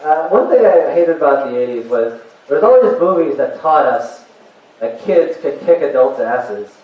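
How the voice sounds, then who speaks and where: A man's voice: on the high side, moderate pace. A man of about forty doing a chatty, rambling stand-up comedy set on a convention stage. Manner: chatty, rambling and animated, with frequent fillers and self-laughs. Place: convention stage with a live audience. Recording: very echoey, distant, muffled hall recording.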